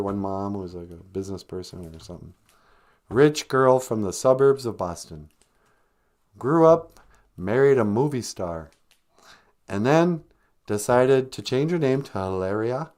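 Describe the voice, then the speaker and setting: A man's voice: lowish voice, a little mellow. A man hosting a live-stream comedy podcast, rambling sarcastically with lots of fillers. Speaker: podcast host.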